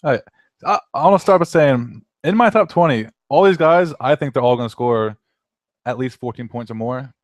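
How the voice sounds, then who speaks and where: A man's voice: medium pitch, expressive, normal speed, no echo. Young man, sports co-host, stammery, dry close sound. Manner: stammering, repeats words. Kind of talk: casual sports talk.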